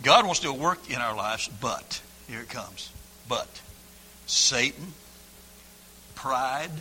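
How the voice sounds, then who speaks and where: An older man preaching a folksy sermon, swinging from hushed asides to shouted lines in a church. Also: mid-range voice, expressive, slow pace, slight background noise. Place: church sanctuary. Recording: long hall reverb.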